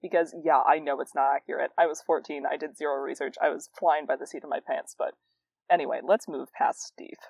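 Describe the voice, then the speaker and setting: Brief: woman host, low-ish voice, casual self-deprecating commentary, dead-dry close mic. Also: a little fast, vocal fry, dry recording. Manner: self-mocking, laughing, lively asides. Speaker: podcast host reading her teen novel. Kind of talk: reading aloud and casual commentary.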